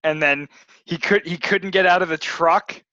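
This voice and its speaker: Brief: high, bright male co-host, laughs a lot, teases, muffled dry line. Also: fairly even intonation, moderate pace. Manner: laughs often, eager teasing. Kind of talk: casual podcast chat.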